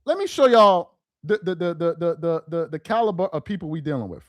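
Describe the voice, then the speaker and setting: A man with a high voice that swings wide, ranting about sports with mocking disbelief. He fires off rhetorical questions, stumbles over repeated words when he gets worked up, and rises into shouts. The sound is close and dry. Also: big pitch swings, brisk, no echo. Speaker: sports commentator host. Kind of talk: sports rant to camera.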